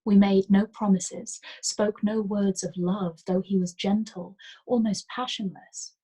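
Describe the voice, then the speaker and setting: A woman reading a novel aloud as a storyteller, in a soft and gentle manner that sometimes drops to a whisper. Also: medium pitch, breathy edge, low-quality recording.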